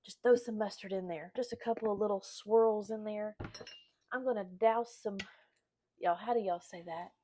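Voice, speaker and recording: A woman's voice: mid-range voice, steady tone, moderate pace, warm tone. A woman, chatting in a folksy way to her viewers while she cooks in her home kitchen. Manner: chatty and folksy, often addressing viewers as y'all. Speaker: home cooking vlogger. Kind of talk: casual cooking demonstration.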